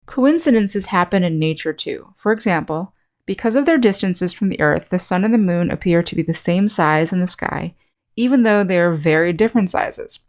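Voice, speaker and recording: A woman with a slightly low voice teaches an online English class. She speaks slowly and clearly, modeling example sentences for learners. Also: lively intonation. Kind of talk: scripted online lesson.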